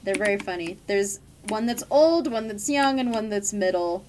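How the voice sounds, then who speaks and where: A woman's voice: mid-range voice, expressive, moderate pace, darkish tone, slight background noise. A young woman chatting casually while streaming a game, laughing often and swearing offhandedly. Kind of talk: casual gaming stream chat.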